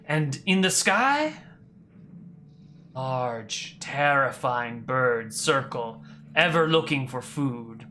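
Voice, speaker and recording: Haughty young prince, voiced by a game master, raised high, halting broken grammar, bright tone. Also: big pitch swings, slight background noise.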